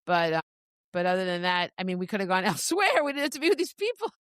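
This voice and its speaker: A woman's voice: fairly low pitch, very animated, fast, clean tone, no echo, studio quality. Rambling woman podcast co-host. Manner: rambling, restarts sentences. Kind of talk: casual chat.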